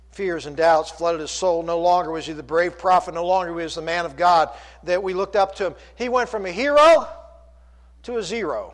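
A male preacher with a notably high voice delivers a lively sermon. He asks rhetorical questions and acts out quoted speech from the story.

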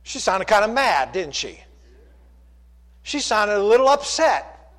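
A man preaching a sermon, animated, asking rhetorical questions and acting out the quoted speech of the story. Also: high voice, moderate pace.

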